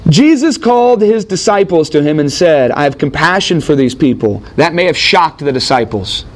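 A man with a high voice lectures to a class on a Gospel passage. He keeps asking the room questions and then answers them himself. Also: lively intonation, moderate pace. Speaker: Bible teacher.

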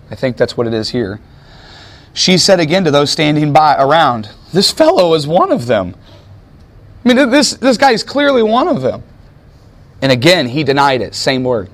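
An American man teaches a sermon in a loose, conversational style, with a voice sitting a little higher than most men's. He asks his listeners questions as he goes and sometimes hunts aloud for the right word. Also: very animated, moderate pace. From United States. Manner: searches for words aloud. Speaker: pastor.

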